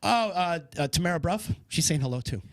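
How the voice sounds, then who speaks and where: A man's voice: on the high side, lively intonation, brisk, dry recording. Joking male podcast host, dry sound. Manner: joking, reading comments aloud. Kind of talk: casual chat.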